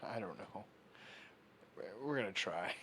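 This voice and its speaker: A man's voice: lowish voice, expressive, unhurried, pushed and bright, slight background noise. A young man hosting a livestream, chatting casually and reading viewer comments aloud while fixing his setup. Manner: rambling, reads chat aloud while fiddling with setup. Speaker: livestream host.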